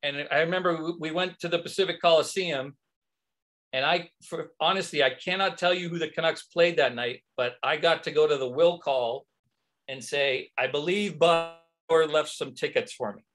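Lively male comedian telling stories. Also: fairly high pitch, moderate pace. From Canada. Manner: lively anecdotal storyteller. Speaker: actor and comedian guest. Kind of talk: casual interview storytelling.

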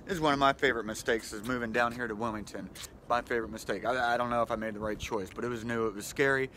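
A man's voice: medium pitch, fairly even intonation, quick pace, bright, forceful tone, slight background noise. A middle-aged man hosting a casual motivational vlog outdoors by the water, talking into a handheld phone in a friendly, rambling way with frequent chuckles. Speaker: vlog host. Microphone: handheld phone camera.

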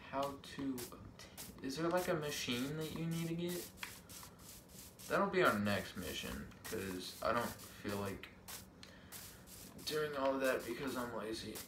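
Recorded from a distance in an echoey, noisy room, this young man's medium-pitched voice is expressive and a little slow, broken by long pauses. He's a gaming vlogger chatting casually about the game, joking to himself, easily startled into yelps and shrieks.

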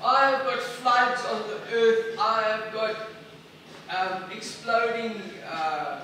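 A man's voice: high voice, slow, sharp tone, voice pushed up, heavily acted. A man voicing an exasperated, overworked male God in a joke. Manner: exasperated, complaining. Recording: echoey, noisy, far from mic.

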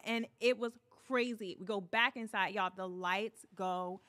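A woman telling a story in a casual chat, animated, acting out what people said and laughing often. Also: medium pitch, normal speed, hardly any pauses, no room sound, clean studio sound.

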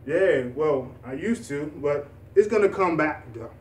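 A man's voice: on the high side, lively intonation, unhurried, hardly any pauses, darkish tone, echoey room, distant mic. A young man talking earnestly in a rambling, encouraging vlog, often restarting his sentences. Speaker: vlogger. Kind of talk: motivational vlog talk.

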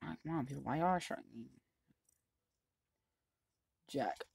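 A gaming channel host giving excitable running commentary while playing, often yelling at other players. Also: mid-range voice, normal speed, vocal fry, husky, no echo. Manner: chatty running commentary on the game. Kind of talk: let's-play commentary.

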